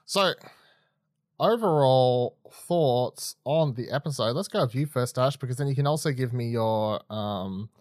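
A man's voice: medium pitch, expressive, a little slow, a little mellow, no echo, studio quality. A man hosting a casual podcast, talking in a chatty, loose way that drifts into side notes. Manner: chatty, loose, prone to tangents. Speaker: podcast host.

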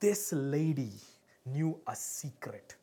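Fervent woman preacher, lowish voice. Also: lively intonation, takes it slowly, mellow. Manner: fervent, call-and-response preaching with bursts of speaking in tongues. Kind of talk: sermon.

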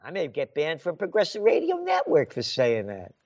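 High, lively, mocking male radio host. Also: moderate pace. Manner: mocking, sarcastic, theatrical. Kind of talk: satirical rant with a sung parody. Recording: dull lo-fi sound.

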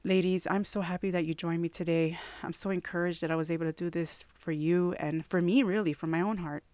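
A woman's voice: fairly low pitch, steady tone, fairly quick, a little mellow, dry recording. A woman hosting a faith podcast, talking earnestly and from the heart to her listeners, with frequent "you know" fillers. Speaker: podcast host.

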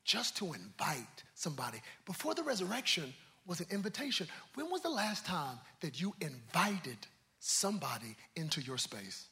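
A man preaching a sermon, calling out to the congregation and swinging from hushed, low asides to shouted climaxes. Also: big pitch swings, moderate pace. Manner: preaching with call-and-response, swinging from quiet to shouting. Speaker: pastor.

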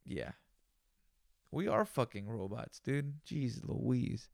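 A man's voice: mid-range voice, very animated, slow pace, vocal fry, darkish tone, dry recording, studio quality. A man hosting a solo podcast, talking in a loose, profane, rambling rant. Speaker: podcast host.

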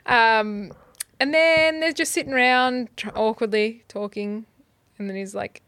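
A woman's voice: on the high side, a little slow, a bit bright, dry recording. A woman co-hosting a podcast, laid-back and laughing often as she recaps a TV episode with plenty of ums. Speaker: podcast co-host. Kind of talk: casual chat recapping a TV episode. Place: cold home garage studio.

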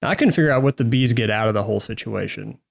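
A man's voice: fairly low pitch, rapid-fire, vocal fry. A man, host of a podcast, casually recapping a movie plot in a rambling, wry way. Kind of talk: casual chat.

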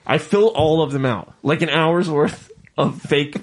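A man's voice: on the high side, steady tone, unhurried. A man co-hosting a podcast, telling swear-filled stories in casual chat and acting out the people he quotes. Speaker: podcast co-host.

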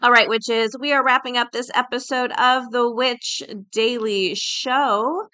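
A woman's voice: a little high, steady tone, a little slow, pushed and bright, clean tone. A woman hosting a podcast, talking casually and reading aloud with filler words like uh and um. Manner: chatty, reads aloud with fillers. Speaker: podcast host.

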